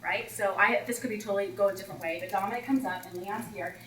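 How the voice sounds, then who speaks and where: Animated woman coach in an echoey hall. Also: medium pitch, fast talker, recorded from a distance, slight background noise. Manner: animated, acts out children's voices. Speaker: teacher coach presenting to teachers. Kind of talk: storytelling workshop talk.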